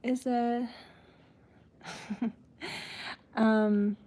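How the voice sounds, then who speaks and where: A woman's voice: on the high side, little pitch movement, extremely slow, mellow. A woman from Germany with a German accent, chatting casually on a live stream and answering her chat's comments.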